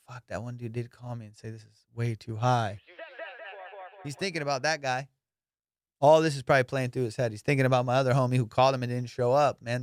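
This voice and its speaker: A man hosting a podcast, telling a story in casual chat, animated and profane, acting out both sides of a conversation. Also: medium pitch, dry recording. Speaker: podcast host.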